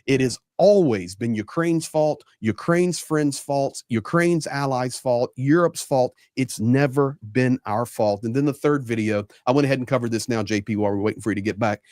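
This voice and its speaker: A man's voice: mid-range voice, moderate pace, few pauses, darkish tone, no room sound, clean studio sound. A man hosting a casual political commentary livestream, emphatic and given to repeating phrases. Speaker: livestream host.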